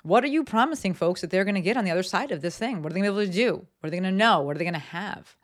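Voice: mid-range voice, lively intonation, very fast. A podcast host from New Jersey talks through a casual solo business episode from a home office, chatty and candid, with lots of ums and likes. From East Coast US, New Jersey.

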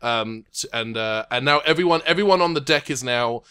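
A man's voice: medium pitch, lively intonation, sharp tone, clear, resonant tone. Hesitant man running a tabletop game. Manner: rambling, hesitant, quick to laugh. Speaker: game master. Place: home, recorded remotely.

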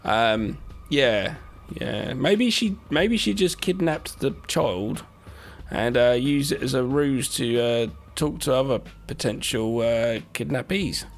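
A man's voice: mid-range voice, expressive, slow pace. A man co-hosting a horror podcast, laid-back and rambling, cracking jokes and swearing. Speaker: podcast co-host. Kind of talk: casual chat.

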